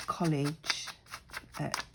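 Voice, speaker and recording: A woman's voice: drawn-out words, heavy background noise. A middle-aged woman chatting casually and rambling a little while she works on a craft project, poking fun at herself. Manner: chatty, rambling, self-deprecating. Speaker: crafting vlogger.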